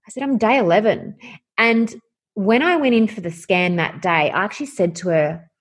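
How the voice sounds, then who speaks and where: A woman's voice: medium pitch, moderate pace, slightly rough. Woman telling her story animatedly. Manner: animated, acts out quoted dialogue. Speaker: guest sharing her story. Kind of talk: candid personal storytelling.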